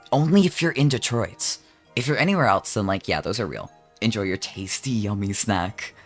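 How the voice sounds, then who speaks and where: Animated man streaming. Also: on the low side. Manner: rambling, profane, jokey and exaggerated. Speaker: vtuber streamer. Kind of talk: casual live-stream chat.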